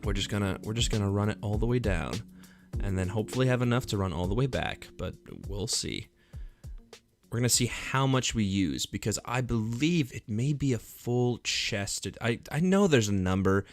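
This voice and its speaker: This time the young streamer's voice sits fairly low, with lively intonation and a moderate pace. He keeps up a rambling, upbeat commentary as he plays, over faint background music.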